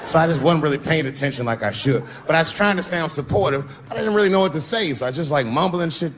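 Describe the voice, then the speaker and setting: A man performing stand-up on stage before a live audience, his pitch swinging widely as he tells stories. He is profane and conversational and slips into other people's voices. A faint hum of the room sits behind him. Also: lively intonation, fast. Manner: profane, storytelling, acts out quoted voices. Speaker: stand-up comedian. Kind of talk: stand-up comedy set.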